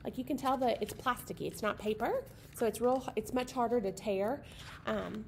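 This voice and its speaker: A woman leading a children's library storytime, cheerful and chatty, with fillers and quick asides. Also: on the high side, vocal fry, a little hiss or hum.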